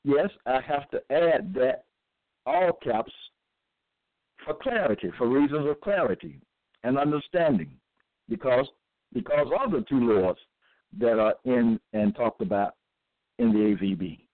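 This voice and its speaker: A man reading scripture verses aloud and commenting on them in a deliberate, repetitive, halting way. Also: medium pitch, expressive, no room sound. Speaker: self-styled religious teacher. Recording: tinny phone-like dry recording.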